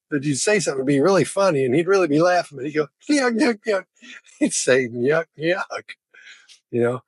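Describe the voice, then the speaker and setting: A man's voice: medium pitch, husky, dry recording. A man casually telling stories about odd behavior, laughing as he goes. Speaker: body language expert. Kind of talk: casual storytelling.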